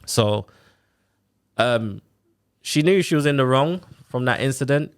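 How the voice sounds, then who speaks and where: A man, telling his own story on a podcast in a casual, animated way, full of quoted back-and-forth and fillers like "like" and "innit". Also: mid-range voice, a little slow, clean tone. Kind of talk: casual chat, personal story.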